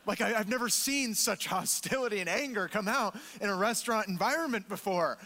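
High-voiced emphatic preacher man. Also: expressive, quick pace, few pauses, sharp tone, long reverb tail. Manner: emphatic, repeats words, acts out quotes. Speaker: pastor. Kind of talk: sermon. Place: church.

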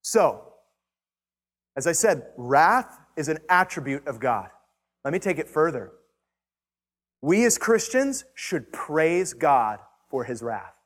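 A man's voice: fairly high pitch, sing-song, slow pace, pauses often. A man preaching a sermon as pastor, emphatic and building in intensity, repeating key lines for effect. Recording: long hall reverb.

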